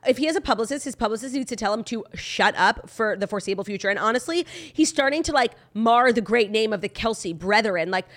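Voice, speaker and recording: A woman co-hosting a podcast, chatting about celebrity gossip in an animated, opinionated way and saying "like" a lot. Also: a little high, fast, few pauses. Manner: opinionated, animated, heavy use of "like". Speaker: podcast co-host. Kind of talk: casual celebrity gossip chat.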